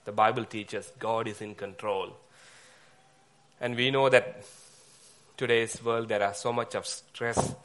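A man preaching a sermon, speaking haltingly with fillers and pauses. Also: fairly low pitch, a bit bright.

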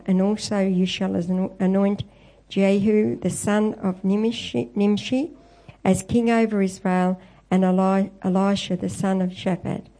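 A woman preaches a sermon in a warm, mellow voice of middle pitch. She retells scripture as a story and lifts her voice when she quotes it. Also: poor audio. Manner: storytelling, quoting scripture with lifted voice.

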